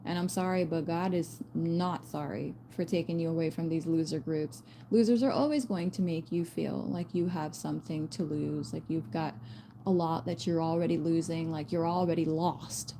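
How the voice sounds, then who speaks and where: A woman giving a casual spiritual message to her viewers, blunt and animated, swearing and using slang as she talks. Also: low voice, moderate pace, noisy background. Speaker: spiritual reader.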